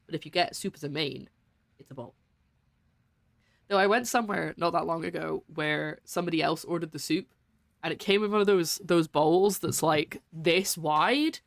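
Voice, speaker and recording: A woman's voice: deep voice, normal speed, vocal fry, dry recording. A woman streaming a game, giving casual, giggly, rambling commentary.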